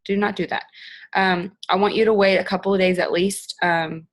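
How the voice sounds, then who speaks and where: A woman's voice: mid-range voice, fairly even intonation, moderate pace. A young woman giving a chatty, upbeat coaching talk on a team call, acting out example messages. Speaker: direct-sales team leader.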